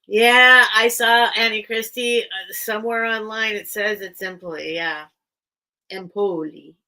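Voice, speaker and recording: A woman's voice: fairly high pitch, measured pace, pushed and bright, low-quality recording. A woman hosting a casual live sale stream, chatting in a rambling, enthusiastic way. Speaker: online sale host. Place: at home among her collection.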